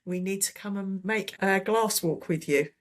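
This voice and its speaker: A woman's voice: mid-range voice, normal speed. Enthusiastic woman sharing a testimonial. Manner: enthusiastic, repeats words as she thinks. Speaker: interview guest, holistic therapist. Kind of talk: casual testimonial chat.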